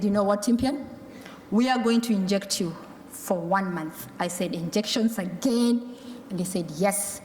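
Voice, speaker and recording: A woman with a fairly high voice and a darkish tone recounts her experience as a tuberculosis survivor, playing out the lines of her doctors and mother. She is from a Maasai community in Kenya or Tanzania and speaks in a large conference hall with echoey acoustics.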